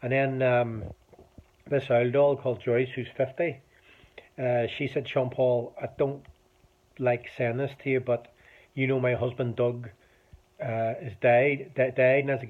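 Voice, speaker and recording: A Northern Irish man in his forties talks straight to the camera, rambling through a personal story with frequent restarts and a swear word here and there. His voice sits at an ordinary middle pitch. The sound is thin and tinny, like a phone line. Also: level tone, unhurried. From Northern Ireland. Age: 40s. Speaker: vlogger. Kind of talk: casual personal monologue.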